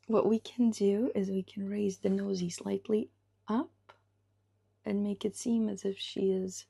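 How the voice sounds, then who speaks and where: A woman illustrator talks through her live drawing session in a slow, unhurried way. She thinks aloud and keeps slipping into a soft half-whisper as she sketches. Her voice has a gravelly, husky grain. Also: medium pitch, level tone.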